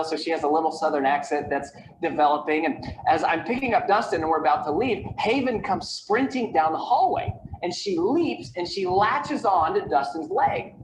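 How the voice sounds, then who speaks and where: A man with a high voice delivers a motivational keynote, building his points through stories, rhetorical questions and repeated lists. His voice is played from a video over a call, so it sounds echoey with a steady hum of background noise. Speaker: keynote speaker on time management.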